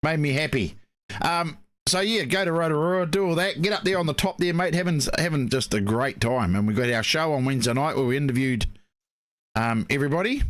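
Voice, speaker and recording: A man's voice: fairly high pitch, brisk, fairly bright tone, no echo. A man with a New Zealand accent, co-hosting a casual live stream and telling rambling stories full of fillers. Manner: rambling, chatty storytelling with many fillers. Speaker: co-host.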